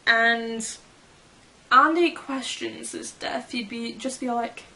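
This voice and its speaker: In a fairly high, sharp voice, a woman speaks slowly as a fan vlogger. She reads fan fiction quotes aloud and giggles playfully about how people might react.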